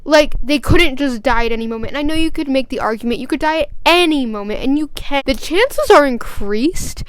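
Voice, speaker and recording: A young woman vlogger tells a story and rants in a chatty, rambling way, full of fillers, growing agitated and emphatic as she goes. Her high-pitched voice is fairly quick with lively intonation, recorded with no room sound.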